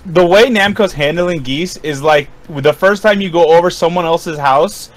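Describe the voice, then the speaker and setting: Excitable man chatting about fighting games. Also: on the high side, moderate pace. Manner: excitable, laughs often, acts out quotes. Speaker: podcast co-host. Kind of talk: casual gaming podcast chat.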